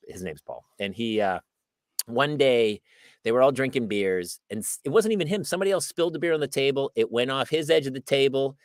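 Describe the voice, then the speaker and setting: Animated American man spinning stories. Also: fairly low pitch, no echo, clean studio sound. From United States. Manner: animated storyteller acting out quoted voices. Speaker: podcast co-host. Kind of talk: casual chat.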